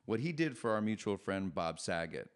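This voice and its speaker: A middle-aged man, a comedian, talking as a podcast guest, with animated, self-deprecating storytelling. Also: on the low side, normal speed, clear, resonant tone. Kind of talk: podcast conversation.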